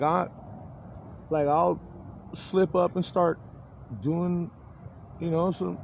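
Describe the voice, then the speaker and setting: A man's voice: high-pitched, creaky, a little mellow, a little hiss or hum. A middle-aged man in a rambling personal monologue, agitated and profane, often breaking off and restarting his sentences. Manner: profane, swears heavily. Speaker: vlogger.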